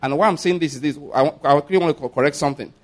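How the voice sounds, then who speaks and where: Guy preaching, kinda high voice, drags out the bible verses then rushes the side comments. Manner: slows and stresses scripture, quick asides; calls on the congregation to repeat and notice. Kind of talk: sermon with scripture reading.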